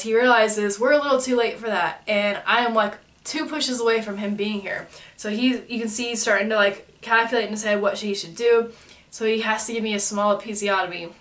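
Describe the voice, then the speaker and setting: A woman's voice: fairly high pitch, recorded from a distance. A woman in her twenties casually telling a personal story, laughing often and acting out what people said. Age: 20s. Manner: animated, laughs often, acts out quoted lines.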